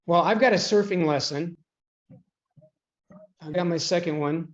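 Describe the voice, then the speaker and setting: A man coaching traders on a live online call, chatty and often clearing his throat. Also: on the high side, unhurried. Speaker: trading coach. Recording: dull lo-fi call audio.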